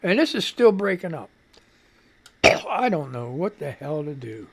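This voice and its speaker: A man's voice: fairly high pitch, sing-song, a little slow, vocal fry, noisy background. A man hosting a live radio show, muttering and swearing in frustration while fixing his stream setup. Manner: swears casually. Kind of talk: casual live-stream commentary.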